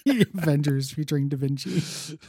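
A man's voice: fairly high pitch, background noise. A man co-hosting a comic book podcast, recapping issues in a wry, rambling casual chat with dry jokes.

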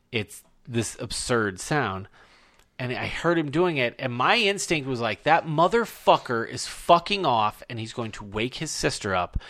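Swearing, animated podcast host with bright voice. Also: male voice, on the low side. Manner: profane, animated, emphatic storytelling. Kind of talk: casual storytelling chat.

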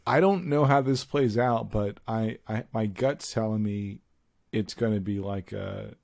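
A man's voice: fairly low pitch, a little slow, gravelly, a little mellow. A man co-hosting a podcast, chatting casually and giving opinions, thinking aloud with lots of fillers. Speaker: podcast co-host. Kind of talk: casual chat.

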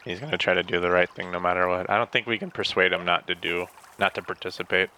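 A man's voice: deep voice, steady tone, fast, sharp tone, a little hiss or hum. A man playing a tabletop game, laughing and exasperated as he talks. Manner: giggly, exasperated. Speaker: player. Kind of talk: casual tabletop play.

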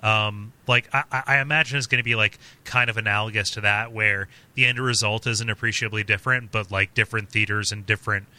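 A man's voice: on the low side, steady tone, fairly quick, hardly any pauses, bright, forceful tone. A man hosting a podcast in casual chat, rambling and packing his talk with "like" and restarts. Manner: rambling, filler-heavy, heavy use of "like". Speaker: podcast host.

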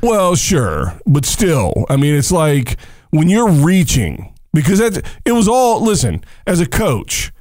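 Animated joking male tennis co-host. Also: on the high side, slow pace, no echo, studio quality. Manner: animated, jokey, talks over his co-host, emphatic rhetorical questions. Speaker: coach. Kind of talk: casual sports chat.

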